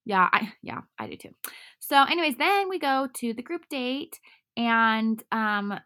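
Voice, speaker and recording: A woman's voice: a little high, lively intonation, a little slow, pushed and bright. A woman chatting casually and animatedly, full of fillers, recapping episodes with a co-host. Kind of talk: casual chat recapping a dating show.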